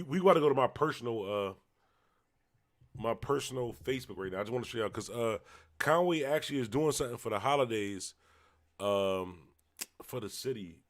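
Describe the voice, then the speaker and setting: Low-voiced man muttering on a livestream. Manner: addresses viewers as y'all, mutters while searching his screen. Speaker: livestream host. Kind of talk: casual livestream chat.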